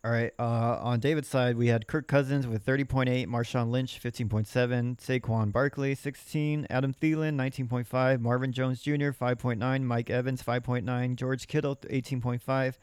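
Male podcast co-host, casual score recap, smooth voice, dry sound. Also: medium pitch, fairly even intonation, darkish tone, no room sound. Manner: reads scores in quick list form. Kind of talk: casual fantasy football recap.

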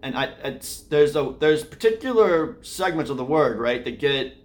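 A man's voice: fairly high pitch, expressive, moderate pace. A man from the Austin, Texas area hosting a casual daily vlog, rambling with many fillers and restarts. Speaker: vlogger and podcast host. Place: home room, indoors.

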